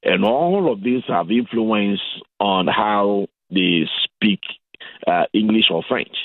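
A man from Ghana with a Ghanaian accent, calling in as a guest on a radio interview and explaining things in a measured way. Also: on the low side, no echo. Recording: phone-line sound.

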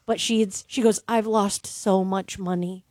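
Lively woman radio co-host, dry mic. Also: mid-range voice, a little slow, no echo. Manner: animated storyteller, acts out quoted voices. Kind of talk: casual radio chat.

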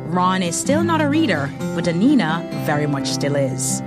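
A woman's voice: fairly low pitch, very animated, moderate pace. A woman host reading a scripted, matter-of-fact closing narration. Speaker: show host. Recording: loud guitar music behind.

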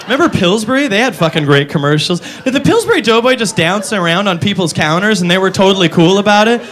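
Animated profane stand-up man, high lively voice. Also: fast, a little hiss or hum. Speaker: stand-up comedian. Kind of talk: stand-up routine.

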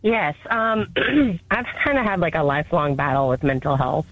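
A woman's voice: low voice, normal speed, dry recording, rough recording. A woman in her thirties calling a radio show with a personal question, hesitant and emotional, full of fillers. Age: 30s. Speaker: radio caller.

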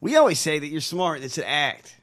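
A man's voice: a little high, big pitch swings, brisk, fairly bright tone. A man co-hosting a political talk show, ranting in disbelief, swearing heavily and laughing. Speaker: co-host. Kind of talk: profane political commentary.

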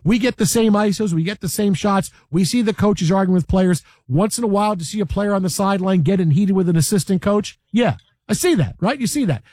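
Male sports host, high voice, emphatic, repetitive, dry booth sound. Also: expressive, fairly quick, no echo. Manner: emphatic, repeats himself, mimics coaches yelling. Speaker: sports talk show host. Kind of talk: animated sports radio debate.

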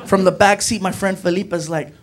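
A man telling a story on a comedy club stage, animated, acting out his friends' voices. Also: sits high, fairly quick. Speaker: stand-up comedian. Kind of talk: stand-up storytelling. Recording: noisy live club recording.

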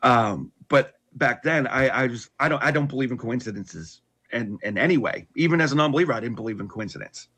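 Casting: middle-aged man with a husky voice, candid and unpolished, sharing a hard personal story. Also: medium pitch, brisk, few pauses, a bit bright. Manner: candid, with frequent restarts and wry laughs. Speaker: guest telling his conversion story.

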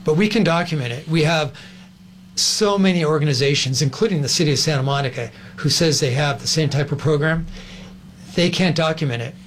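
A man talks as a talk show guest in a voice a touch higher than usual for a man. He presses his points urgently, with pointed rhetorical questions, and a faint noise sits behind him. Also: fairly quick. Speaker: guest, advocacy group organizer. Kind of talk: interview talk.

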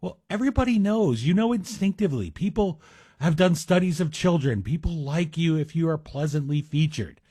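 A middle-aged man hosts a talk radio monologue in a husky, slightly raised voice. He talks in a chatty, wry way full of self-deprecating asides, recorded close on a dry studio microphone. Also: a little high, animated, moderate pace, warm tone, no room sound. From Greek heritage. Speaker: radio guest host.

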